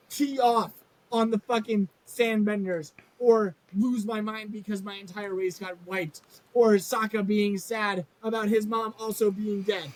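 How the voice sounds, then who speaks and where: A woman's voice: mid-range voice, fairly even intonation, measured pace, low-quality recording. A woman co-hosting a casual show recap, ranting heatedly, swearing a lot and laughing often. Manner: acts out characters' lines in a mocking tone. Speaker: podcast co-host.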